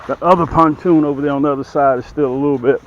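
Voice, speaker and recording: A man's voice: a little high, fairly even intonation, racing, highs cut off, a little hiss or hum. A middle-aged man giving a casual, folksy how-to demonstration outdoors, talking straight to viewers and a little out of breath from lifting. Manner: folksy, talks straight to viewers while working. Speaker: boat dealer demonstrating a boat. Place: outdoors by the water.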